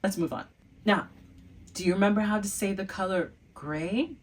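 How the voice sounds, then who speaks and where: A woman teaching a beginner French lesson, playfully quizzing the viewer with hums and pauses and carefully enunciating each French word. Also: medium pitch, slightly rough, distant mic. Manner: exaggerated enunciation of French words.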